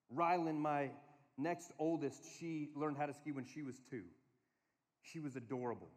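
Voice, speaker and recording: A man preaching to a conference crowd, telling family stories in an animated way and giving the room instructions. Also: on the high side, normal speed. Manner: storytelling, animated, quotes his kids in a small voice. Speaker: speaker. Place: large hall. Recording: long hall reverb.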